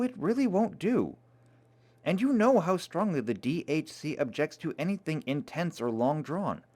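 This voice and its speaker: A man's voice: mid-range voice, a little mellow. A man reading aloud, voicing a fussy, disapproving young woman who scolds her friend.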